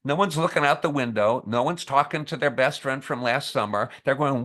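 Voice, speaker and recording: A man's voice: medium pitch, brisk. A man guesting on a podcast, telling a training story with energy and acting out the lines people say. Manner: lively storyteller, acts out scenes with quoted lines. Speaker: podcast guest, camp staff trainer and author. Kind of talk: conversational interview.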